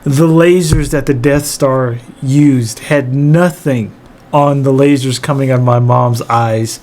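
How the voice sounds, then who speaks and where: A man telling a funny story from his childhood, animated and profane, often laughing as he goes. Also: medium pitch, slow pace, a little hiss or hum. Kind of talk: comedic storytelling monologue.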